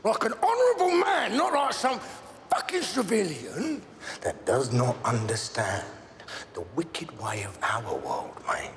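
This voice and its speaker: An actor playing a volatile middle-aged gangster in a crime drama, rambling and swearing, swinging from mutters to shouts. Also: male voice, a little high, huge pitch swings, measured pace, long reverb tail, background noise, heavily acted. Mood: menacing rant.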